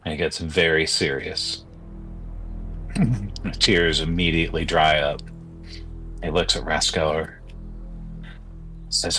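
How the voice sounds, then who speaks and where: A man's voice: very deep voice, flat delivery, bright, forceful tone, soft background music, poor audio. A man narrating a tabletop game as game master. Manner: slow, descriptive narration.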